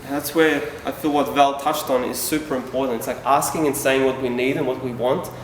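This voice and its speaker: Telling a personal tale to a live crowd, a man from Yugoslavia stays casual and candid, with self-deprecating asides. He talks a little fast in a steady, medium-pitched voice, heard from far off in an echoey event hall with slight hiss or hum.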